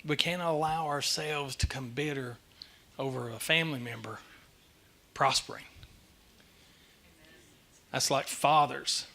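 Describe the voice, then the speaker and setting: A middle-aged man gives a church message, telling the story in an animated, self-deprecating way. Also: medium pitch, a little slow, gravelly, pauses often. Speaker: lay speaker giving a church message. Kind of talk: sermon. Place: church sanctuary.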